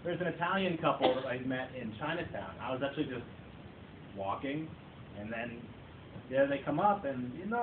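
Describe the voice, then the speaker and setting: A man delivers a comic speech to a seated audience and pokes fun at himself as he tells his stories. His voice sits at an ordinary pitch. The recording is thin and distant, with room echo and steady noise behind it. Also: normal speed. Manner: self-mocking storyteller, playful. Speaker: club speaker. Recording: tinny echoey far-off recording, noisy.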